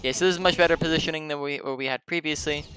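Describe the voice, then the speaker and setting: A man's voice: fairly high pitch, steady tone, racing. A man coaching a player through a gameplay review, explaining at length with frequent ums and restarted sentences. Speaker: game coach.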